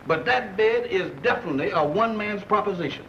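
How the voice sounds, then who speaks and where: A man's voice: fast talker, recorded from a distance. An actor playing a jittery man who guards his bed and panics easily, in 1940s film comedy style. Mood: wary. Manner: high, excitable, rising to frightened yelps. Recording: dull old film soundtrack with hiss.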